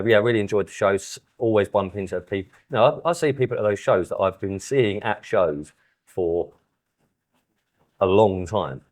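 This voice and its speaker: Bloke in his thirties, very low voice, casual podcast co-host who tells anecdotes with gusto. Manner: animated storyteller who acts out quoted exchanges. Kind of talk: casual chat.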